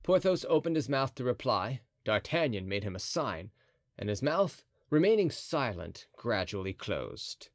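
A man's voice: mid-range voice, big pitch swings, measured pace, no echo, clean studio sound. A man narrating a classic adventure novel as an audiobook, telling the story expressively. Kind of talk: scripted narration.

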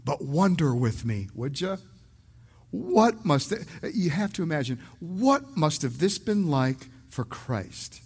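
A man preaches through a passage in a casual, talk-it-through way, with a fairly high voice for a man. He stumbles over the first words of many sentences and drops in the odd joke. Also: sing-song, takes it slowly, breathy edge. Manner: conversational, repeats words when starting sentences, mixes in jokes. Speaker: pastor. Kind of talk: verse-by-verse sermon.

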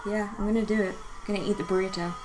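A woman's voice: mid-range voice, fairly even intonation, racing, noisy background. A woman chatting casually while playing a game, giggly and teasing, laughing often. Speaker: game player. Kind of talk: casual let's-play chat.

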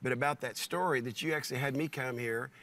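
A middle-aged male pastor telling a story in conversation, animated and given to repeating himself and restarting sentences. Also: medium pitch, quick pace.

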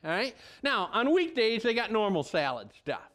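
A man's voice: sits high, big pitch swings, moderate pace, fairly bright tone. A male pastor giving a conversational sermon in a folksy, rambling way, often restarting his sentences and drifting into asides.

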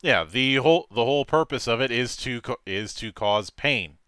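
A man hosts a relaxed interview, his voice bright and forceful with a smooth, crisp edge. The sound is dry and close. He jokes and tells little stories between his questions. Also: mid-range voice, moderate pace, dry recording. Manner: joking, storytelling. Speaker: interview host, game master. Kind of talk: casual interview chat.

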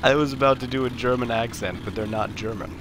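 Sarcastic, swearing game commentator. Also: male voice, mid-range voice, fairly even intonation, fast. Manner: rambling, sarcastic, swears often. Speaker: let's play host. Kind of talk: casual gameplay commentary. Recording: game gunfire and vehicle noise behind.

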